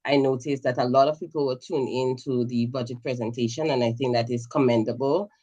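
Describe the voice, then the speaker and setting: A woman from Grenada calling in to a talk show, giving measured, earnest commentary with frequent fillers. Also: a bass voice, steady tone, mellow, highs cut off. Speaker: caller commenting on the budget. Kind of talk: casual call-in commentary.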